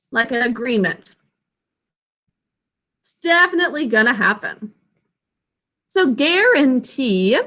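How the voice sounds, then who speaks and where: A woman teacher leading an online spelling lesson, sounding out words slowly and clearly, syllable by syllable, on a video call. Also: a little high, pushed and bright.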